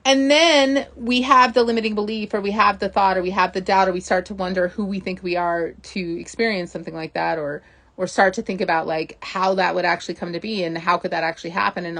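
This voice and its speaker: A woman giving a casual motivational talk as a mindset coach, chatty and animated, often asking "right?" and acting out inner thoughts. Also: lowish voice, brisk.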